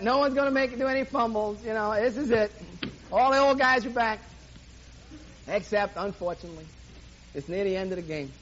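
A man preaching to a live audience, telling a sports story in animated play-by-play style. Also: high voice. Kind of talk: sermon with sports illustration. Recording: dull lo-fi recording, faint hiss.

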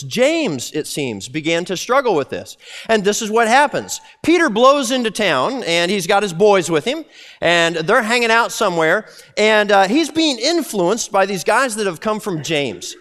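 Animated, high-voiced male preacher. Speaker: pastor. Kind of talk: sermon.

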